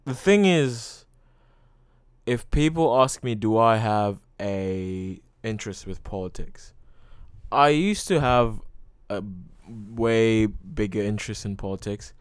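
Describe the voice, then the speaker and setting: A young man hosts a casual solo podcast, rambling freely, saying "like" constantly and swearing often. His voice is smooth, resonant and fairly low, and he talks slowly. The sound is dry and close, with no room around it.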